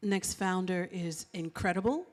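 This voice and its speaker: A woman announcing graduates at a live event, reading each name out in a measured, careful way. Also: on the low side. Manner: measured, reads names carefully. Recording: long hall reverb.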